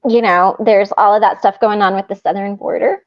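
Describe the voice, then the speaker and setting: A woman chatting as a guest, telling lively stories and laughing often. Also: mid-range voice, brisk. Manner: animated storyteller, laughs often. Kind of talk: casual chat. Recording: slightly muffled sound.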